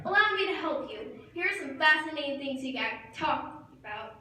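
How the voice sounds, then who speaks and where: Sassy lady doing a bit onstage, high bright voice, distant and echoey. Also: expressive, a little fast. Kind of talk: comic stage monologue. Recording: distant mic in an echoey hall, faint ambience.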